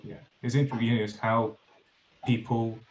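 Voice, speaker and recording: A man teaching an online English class, explaining in a relaxed way and repeating words for emphasis. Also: mid-range voice, a little fast, highs cut off, slight background noise. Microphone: video call.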